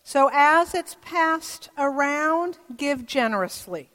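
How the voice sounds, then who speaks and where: A woman pastor giving a sermon in a church, telling stories in a gentle, measured way. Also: high-pitched, animated. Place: church sanctuary. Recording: long church reverb.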